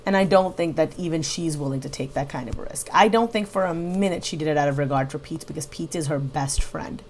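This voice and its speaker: A woman with a slightly low voice gives reaction commentary on a livestream. She builds her critique point by point in an analytical tone. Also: fairly quick, a little hiss or hum. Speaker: reaction channel host.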